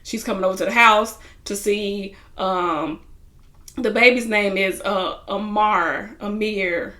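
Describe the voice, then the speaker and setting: A woman's voice: mid-range voice, fairly even intonation, takes it slowly, sharp tone. A woman chatting casually as she recaps a reality TV episode, acting out what people said with lots of "you know.". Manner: chatty, retells scenes in quoted voices, many fillers.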